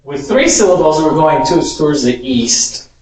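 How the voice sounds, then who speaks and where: Animated man lecturing in an echoey hall. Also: a little high, normal speed. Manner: chatty, amused, animated. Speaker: Spanish teacher giving a talk. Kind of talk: informal lecture. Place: large echoey parish hall. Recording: echoey hall, distant mic.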